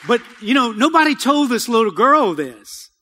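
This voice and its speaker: A man preaching a sermon as pastor, calling out "Amen?" to the congregation and leading a slow, soft prayer. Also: very high voice, big pitch swings, some chatter behind. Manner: call-and-response preaching, repeated "Amen?". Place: church sanctuary.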